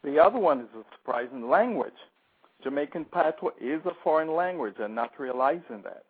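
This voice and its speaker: A man's voice: on the high side, lively intonation, brisk, slightly rough. A man hosting an interview, who reads out list items and gives brief acknowledgements. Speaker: interview host. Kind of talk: interview host reading questions. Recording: tinny phone line.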